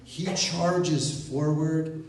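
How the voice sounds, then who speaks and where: Male storyteller for a live comic piece, lively delivery with wry asides, recorded from a distance in a very echoey room. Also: fairly high pitch, extremely slow. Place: event room at a library.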